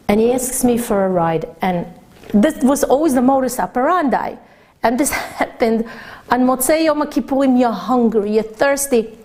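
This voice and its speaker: A woman rabbanit, telling a story in a Torah talk and acting out the voices of its people. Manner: animated storyteller, acting out quoted voices with big pitch jumps.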